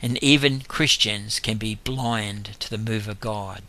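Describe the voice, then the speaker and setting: An older man, telling a lively testimony about his street evangelism, laughing as he goes. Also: fairly low pitch, a little slow. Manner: animated storytelling with laughs. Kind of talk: testimony talk.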